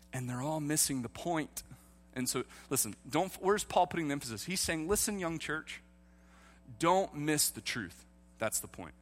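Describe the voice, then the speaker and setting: A man preaching a sermon as pastor, moving from calm teaching to loud impassioned preaching. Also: on the high side, long reverb tail. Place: church, streamed online.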